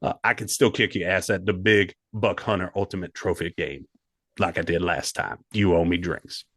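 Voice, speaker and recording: A man's voice: low-pitched, moderate pace, no echo. Man, comedy podcast co-host, casual joking chat, swears a lot, dry close recording. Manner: animated, profane, joking.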